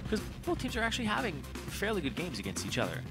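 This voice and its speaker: Male color caster, animated delivery, analytical, game music behind. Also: quick pace. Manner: animated, analytical, leaps in pitch when emphatic. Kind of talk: analytical esports commentary. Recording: commentary over game music.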